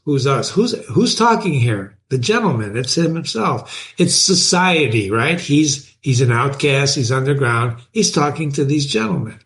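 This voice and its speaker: A man hosting a reading show, reading a novel aloud and pausing to question listeners and explain passages. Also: medium pitch, very animated, a bit bright.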